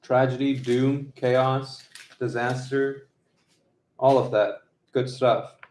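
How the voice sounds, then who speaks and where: Slow, rambling man vlogging. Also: mid-range voice, fairly even intonation, a little mellow, reverberant, a little hiss or hum. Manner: slow, rambling, with fillers and laughs. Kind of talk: casual vlog talk. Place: his apartment. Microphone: phone camera.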